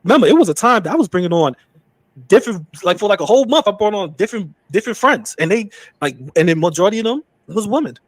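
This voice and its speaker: A man streaming, giving fast, insistent, preachy commentary. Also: sits high, animated, dry recording.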